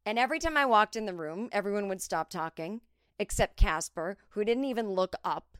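A woman's voice: mid-range voice, a little fast, clear, resonant tone, dry recording, clean studio sound. A woman in her forties telling a comic story in a chatty way, briefly putting on voices of other people. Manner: chatty, animated impressions of others. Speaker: podcast host. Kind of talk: solo comedic storytelling.

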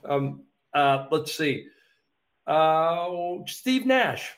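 A man hosting a casual interview, laughing easily and filling pauses with ums. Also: on the high side, very animated, fairly bright tone. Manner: laughs easily, hesitant with fillers. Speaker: podcast host.

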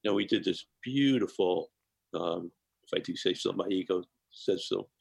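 Deep, gravelly man telling a story. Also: normal speed, dry recording, low-quality recording. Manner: animated storyteller, laughs often. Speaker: guest chef. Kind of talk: personal anecdote in interview.

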